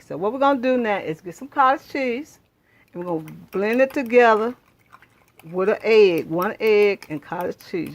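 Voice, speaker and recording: A woman hosting her own cooking channel in her home kitchen, chatting straight to viewers and repeating her praise as she cooks. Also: mid-range voice. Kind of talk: casual cooking demonstration.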